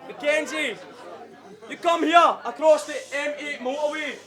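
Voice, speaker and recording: A Scottish man battle rapping, taunting his opponent and shouting at the crowd. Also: very high voice, measured pace. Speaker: battle rapper. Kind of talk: rap battle verses over crowd. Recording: loud live crowd around him.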